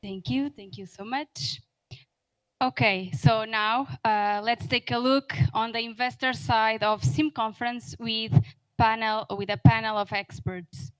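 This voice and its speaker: A woman presenter announcing event guests in a formal, introductory manner. Her voice sits slightly high. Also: fairly even intonation, a little slow, smooth, rough recording.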